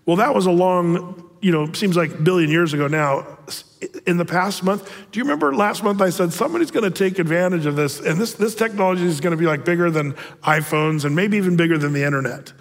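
A man's voice: high voice, fast talker, big-room sound. A man giving a casual, digressive sermon as a pastor, with joking asides. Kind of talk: casual prophecy-update sermon.

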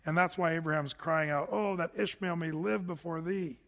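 A man's voice: fairly high pitch, normal speed, a bit bright, long reverb tail. A man preaching a sermon, teaching through Bible verses in a conversational way with joking asides. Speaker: pastor.

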